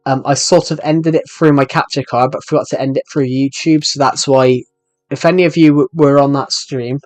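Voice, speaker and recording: A man's voice: mid-range voice, steady tone, normal speed, darkish tone, no echo. Man rambling through a game stream. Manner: rambling, hesitant, with many fillers. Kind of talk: live game stream commentary.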